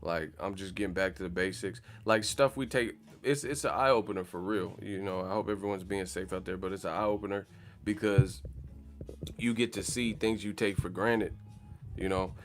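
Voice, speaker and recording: Hosting a boxing livestream from the Bay Area in California, this man keeps it casual, profane, jokey and full of slang. He speaks at a moderate pace in a low, steady voice.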